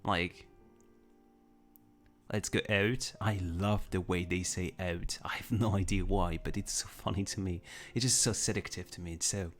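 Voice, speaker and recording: A man's voice: deep voice, fairly even intonation, normal speed, few pauses, soft background music. A man chatting casually on a livestream, rambling and restarting his sentences as he answers viewers. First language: French. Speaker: livestream host. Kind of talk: casual chat, reading viewer comments.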